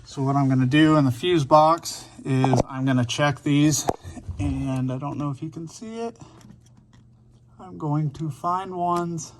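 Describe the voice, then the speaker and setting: A man's voice: on the high side, measured pace, noisy background. Easygoing man explaining a truck install. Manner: casual, step-by-step explaining. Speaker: car channel host. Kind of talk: hands-on DIY install walkthrough. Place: vehicle workshop.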